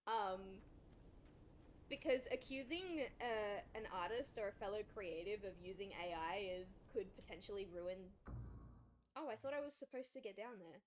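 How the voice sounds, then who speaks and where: A woman's voice: medium pitch, lively intonation, normal speed, slight background noise. A woman streaming a game, chatting casually with her chat and laughing often. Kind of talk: casual chat while gaming.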